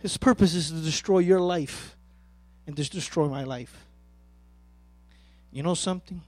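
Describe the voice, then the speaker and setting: A man preaching a sermon as pastor, emphatic and swinging between loud and soft. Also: fairly high pitch, unhurried, no echo.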